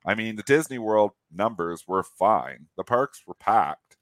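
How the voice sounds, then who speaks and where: Low nasal guy, middle-aged, talks markets and his trades off the cuff. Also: animated, a little slow, no echo. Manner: opinionated, talks through trades. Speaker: co-host. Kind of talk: casual market chat.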